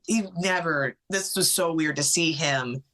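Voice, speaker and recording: A middle-aged woman, a podcast guest, tells a personal story in an animated way, acting out what others said, with many "like" fillers. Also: low voice, measured pace.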